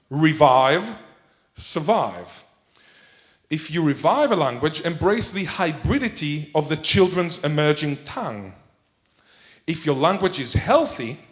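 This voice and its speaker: A man speaks to a conference audience in a playful, joking manner. His voice sits a little high, and he tosses questions to the listeners between points. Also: a bit bright. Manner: playful, jokey, quizzes the audience. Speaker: keynote speaker. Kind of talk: conference keynote talk.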